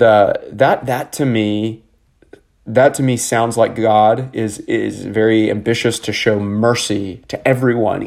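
A man's voice: medium pitch, darkish tone. A man preaching a sermon as a pastor, earnest and conversational, with frequent fillers and restarts.

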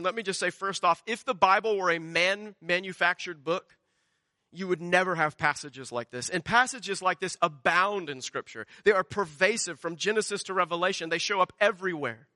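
Man, pastor preaching, high bright voice, dry close sound. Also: normal speed, no echo. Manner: emphatic, rhetorical repetition. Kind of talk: sermon.

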